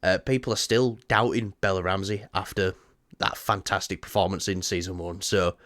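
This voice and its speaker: Low-voiced teasing man. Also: fairly even intonation, normal speed, fairly bright tone, no echo, studio quality. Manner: teasing, swears freely. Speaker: podcast co-host. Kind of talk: casual film chat.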